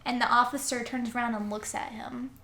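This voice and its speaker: A woman's voice: a little high, a little fast, over a noisy crowd. A young woman co-hosting a podcast, retelling a story in casual chat and acting out the quoted lines as she goes. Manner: animated storyteller who acts out quoted lines. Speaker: podcast co-host. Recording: echoey room, faint noise.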